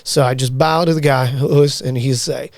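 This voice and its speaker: A man's voice: medium pitch, moderate pace, no room sound. A man from Argentina, a podcast guest, telling a story in casual chat with lots of profanity, acting out the dialogue. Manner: animated, profane, acts out quoted dialogue.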